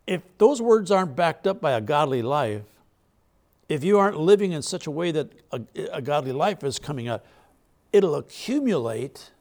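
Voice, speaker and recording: A man's voice: fairly high pitch, big pitch swings, moderate pace, a little mellow. A male pastor preaching a sermon in a conversational way, asking the crowd questions and laughing between points.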